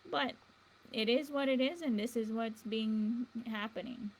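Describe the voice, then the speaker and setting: A woman's voice: fairly high pitch, unhurried, noisy background. A woman hosting a show in a meandering casual monologue, chuckling between thoughts. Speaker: livestream show host.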